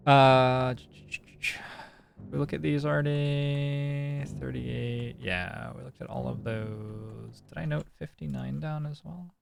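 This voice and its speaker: A man's voice: mid-range voice, fairly even intonation, takes it slowly, gravelly, noisy background. A man streaming a puzzle game, thinking aloud in casual, musing commentary. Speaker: gaming streamer. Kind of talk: casual let's-play commentary.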